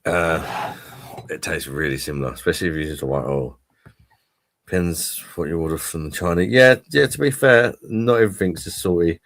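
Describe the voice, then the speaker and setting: A man with a very low voice hosts a laid-back online pub chat, rambling about food and swearing freely. The sound is dry and close, with no room echo. His talk is loose and enthusiastic. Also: moderate pace, a bit bright. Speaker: livestream pub chat host. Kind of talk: casual chat. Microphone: streaming call mic.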